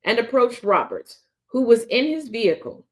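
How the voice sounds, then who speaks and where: A woman's voice: fairly high pitch, sing-song, moderate pace. Profane, blunt woman news commentator. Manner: taunting, confrontational. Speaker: host.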